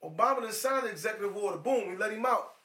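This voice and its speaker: Middle-aged man, high voice, animated profane storyteller, echoey room, off-mic. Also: quick pace, distant mic. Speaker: guest. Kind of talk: casual chat.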